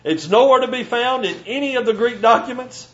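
A male preacher giving a sermon, teaching from scripture and slowing down to stress key phrases. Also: extremely high pitch, muffled recording. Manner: emphatic, slows down to stress scripture.

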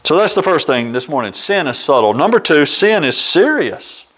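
Male pastor, sermon delivery, earnest, homely examples, expressive high voice. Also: normal speed, low-quality recording. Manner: earnest, quotes scripture with chapter and verse; uses homely examples, occasional ums. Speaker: preacher.

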